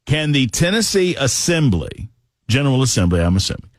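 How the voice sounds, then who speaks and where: A jovial Southern man hosts a call-in radio show, reading listener questions aloud with a lively, bouncing intonation. His voice is close and dry, with no room sound around it. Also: medium pitch, a little fast, no echo. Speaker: radio talk show host. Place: radio studio.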